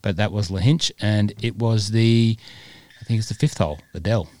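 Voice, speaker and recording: A man's voice: fairly low pitch, normal speed, darkish tone, dry recording. A man co-hosting a podcast in casual chat, rambling along with plenty of fillers. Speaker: podcast co-host.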